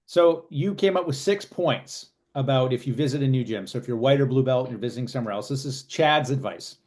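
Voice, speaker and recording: A man's voice: mid-range voice, animated, fairly quick, a little mellow. A man with a mid-range voice goes through advice point by point in an easy, conversational way. He speaks as a co-host recapping for listeners. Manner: listens with short backchannels, then sums up in lists. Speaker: podcast co-host. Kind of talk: casual chat, summing up advice.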